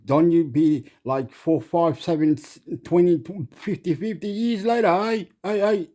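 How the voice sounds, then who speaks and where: A man's voice: a little high, unhurried, dark tone, pitched above the performer's own voice. A man voicing his older, pushy, hot-tempered uncle who speaks repetitive broken English. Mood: scolding.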